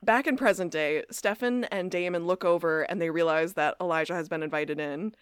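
A young woman co-hosting a podcast, chatting through an episode recap with a fairly low voice. She recorded close and dry, with no room sound. Now and then she drops into put-on voices to act out the characters' lines. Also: brisk, smooth, no room sound. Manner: animated retelling, acting out lines in put-on voices. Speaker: podcast co-host. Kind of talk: casual recap chat.

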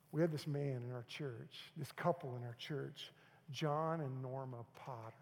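Husky pastor preaching in a reverberant hall. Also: male voice, mid-range voice. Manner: storytelling, swings from loud urging to hushed near-whispers. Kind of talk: sermon with personal story.

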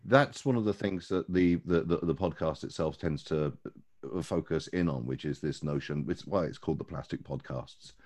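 A man's voice: rumbling low, moderate pace, darkish tone. A man hosting a podcast, asking long questions with many repeated words and restarts. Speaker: podcast host. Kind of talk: interview questions.

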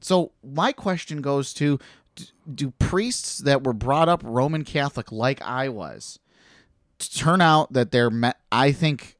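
A man's voice: mid-range voice, no room sound. A man spins a long personal story in loose, profane podcast talk. He jumps into the voices of the people he quotes. The sound is dry and close, with no room around it. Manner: animated, swearing, acts out quoted voices. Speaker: podcast guest telling a story. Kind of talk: casual storytelling chat.

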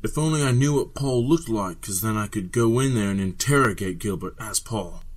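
A man playing a tabletop game, animated and acting out his character's speech. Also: lowish voice, normal speed. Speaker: player. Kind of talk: tabletop role-play.

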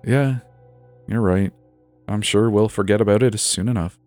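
A man's voice: on the low side, moderate pace, a little mellow, no echo, soft background music, pitched above the performer's own voice, lightly acted. A man voicing a nervous young woman. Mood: wry. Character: anxious young woman homeowner, curious and stubborn.

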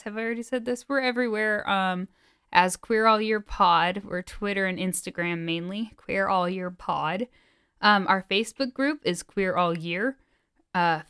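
Woman podcast co-host, breathless, rambly with fillers, smooth low-ish voice, dry close sound. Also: fairly bright tone, dry recording. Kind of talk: casual podcast chat.

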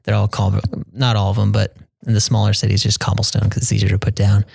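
Soft-spoken young man with a gravelly voice. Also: fairly low pitch, completely flat delivery, fast talker, no echo. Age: young adult. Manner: soft-spoken, hesitant with many ums, quotes people in a raised voice. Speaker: returned missionary guest. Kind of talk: casual interview.

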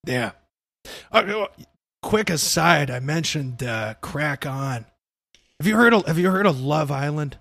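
A man's voice: fairly high pitch, expressive, measured pace, creaky, a bit bright, dry recording. A young man hosting a casual podcast chat, laid-back and swearing freely, often calling his co-host "dude".

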